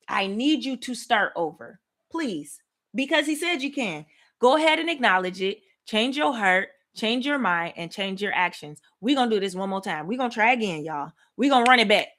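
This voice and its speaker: A woman hosting a casual live Bible study, lively and laughing as she talks straight to her viewers. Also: fairly high pitch. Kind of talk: casual livestream Bible teaching. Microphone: webcam or desk mic on a live stream.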